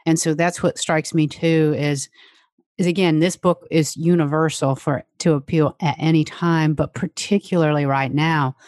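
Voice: medium pitch, steady tone, moderate pace, a little mellow, no room sound, studio quality. An interviewer asking thoughtful questions and encouraging the guest with frequent affirmations. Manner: attentive, encouraging, frequent "mm-hmm".

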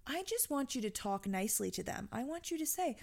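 A woman dog trainer chatting casually, telling stories with animated energy and jumping high in pitch when she quotes people. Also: a little fast, vocal fry. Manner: animated storytelling, jumps high when quoting. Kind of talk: casual podcast chat.

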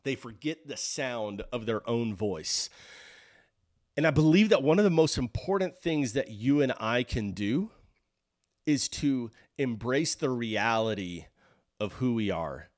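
A man's voice: medium pitch, lively intonation, dry recording. An earnest man delivers a faith-based motivational talk in a mid-range voice. His delivery is emphatic, and he stacks rhetorical questions one on top of another. The sound is close and dry, with almost no room around it. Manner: reads scripture aloud in a measured cadence. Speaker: host of a leadership podcast.

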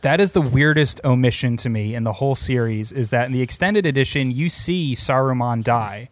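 A man's voice: medium pitch, brisk, dry recording. A man in casual conversation, retelling movie scenes and putting on silly voices for characters.

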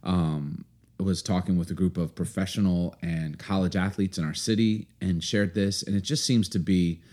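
Male pastor in his forties, very low and mellow voice, earnest and unhurried podcast talk. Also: fairly even intonation. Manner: earnest, unhurried, many fillers and restarts. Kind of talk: casual podcast talk and scripture reading.

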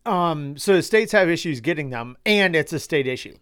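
A man's voice: fairly high pitch, expressive, moderate pace, few pauses, fairly bright tone, smooth. A man hosting a casual podcast monologue, rambling with lots of fillers, swearing freely and talking with sarcasm. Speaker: podcast host.

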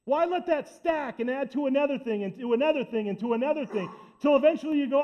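A man with a fairly high voice preaches a sermon, stacking repeated phrases to drive each point home. The recording is dull and lo-fi, as if taped in church. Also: fast, few pauses. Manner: emphatic, repetitive build-ups. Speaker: pastor.

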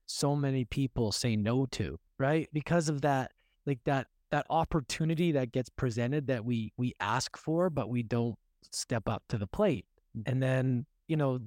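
This podcast host speaks at a medium pitch, unhurried and slightly mellow, in a clean studio recording with no room sound. In a casual interview conversation he sounds enthusiastic and affirming, keeping things relaxed while asking probing questions.

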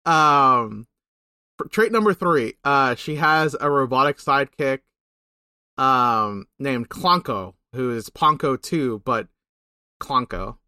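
A young man co-hosting a podcast, recapping a video game in casual, rambling chat with swearing and quick asides. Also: medium pitch, expressive, pushed and bright, no echo, studio quality. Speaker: podcast co-host.

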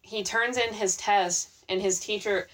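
A woman co-hosting a podcast, an animated storyteller who swears freely in casual chat. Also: medium pitch, a little slow. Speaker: podcast co-host.

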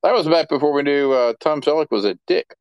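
A man chatting casually at a game table, ranting in an animated way. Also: a little high, fast talker, clean tone, no room sound, muffled recording. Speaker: player. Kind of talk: casual chat.

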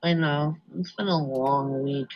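This podcast co-host from New Hampshire, USA, talks frankly and swears casually. Her voice sits low, her delivery is a little slow, and the highs are cut off.

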